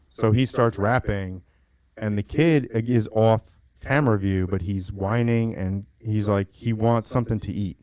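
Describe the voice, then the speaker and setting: Man, low voice, podcast co-host, casual chat, animated storyteller. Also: unhurried, no echo. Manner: animated storytelling, swears, acts out quotes.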